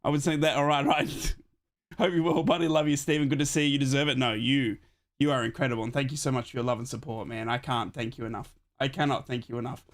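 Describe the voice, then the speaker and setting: A young man hosting a live football watchalong stream from home, hoarse from a chest infection and thanking viewers over and over. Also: medium pitch, steady tone, fast talker. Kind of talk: excited live-stream chat. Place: home streaming setup in Australia.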